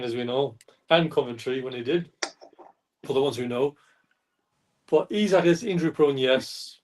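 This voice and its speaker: A man's voice: on the high side, darkish tone. A man chatting as a fan panelist, rambling, often correcting himself and apologising. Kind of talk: casual chat. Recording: distant mic.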